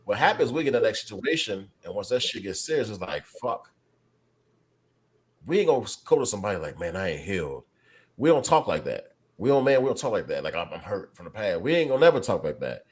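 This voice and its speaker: A man's voice: lowish voice, very animated, fast. A man co-hosting a casual podcast discussion, speaking candidly with plenty of profanity and repeated words for emphasis. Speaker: podcast co-host.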